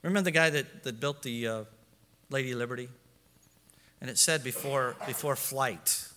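A man's voice: mid-range voice, normal speed, sharp tone. A man preaching a sermon as pastor, building emphasis and acting out quotes in his own voice. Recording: long echo of a large hall.

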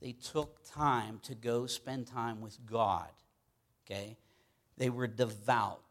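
A man's voice: mid-range voice, takes it slowly. Pittsburgh-accented man preaching casually. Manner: conversational preaching, frequent "okay?" check-ins. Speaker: pastor. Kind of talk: sermon.

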